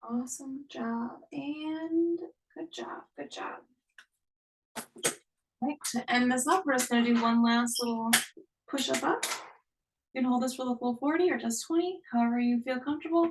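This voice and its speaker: A woman's voice: sits high, moderate pace, far from the mic, background noise. A young woman leading a live online workout class, cheering people on and counting down each interval. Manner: upbeat, encouraging, counts down intervals. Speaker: fitness instructor.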